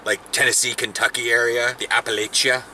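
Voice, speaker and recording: A young man rambles through a casual vlog chat, full of restarts and quick laughs. His voice is bright and forward. There is a faint hum of noise behind him. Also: medium pitch, little pitch movement. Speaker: vlogger, football player. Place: in a car, then outdoors.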